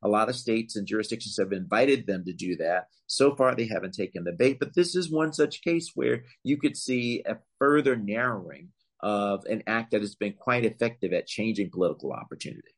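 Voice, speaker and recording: Man, legal expert, measured and explanatory, lowish voice, emphatic rises. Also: lively intonation. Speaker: voting rights legal expert, guest. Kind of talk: explanatory interview answers.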